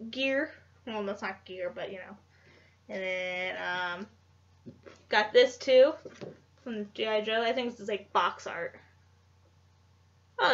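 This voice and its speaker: A woman's voice: medium pitch, fairly bright tone. A young woman vlogger chatting casually about her convention haul, chatty and gushing, with lots of fillers. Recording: dull lo-fi home recording.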